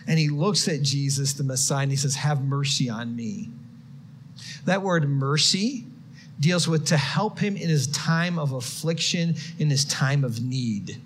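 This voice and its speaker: Male preacher, expressive sermon delivery, slight background noise. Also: fairly high pitch, a little slow. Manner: expressive, swings from quiet to shouted quotes.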